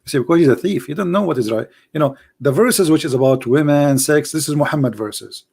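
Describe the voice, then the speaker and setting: The host of a live call-in debate stream, a man with a hoarse, slightly high, slightly mellow voice, speaks briskly to his callers and viewers. His tone is mocking and combative with repeated phrases for emphasis, and he keeps coughing as his voice fades.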